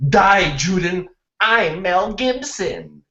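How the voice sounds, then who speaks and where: A man plays a smug, eager improv student whose voice swings lively up and down as he explains his jokes. The sound is roomy, dull and lo-fi. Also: mid-range voice, fairly quick. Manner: smug, self-satisfied, explains jokes earnestly. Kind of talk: comedy sketch acting. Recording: echoey lo-fi recording.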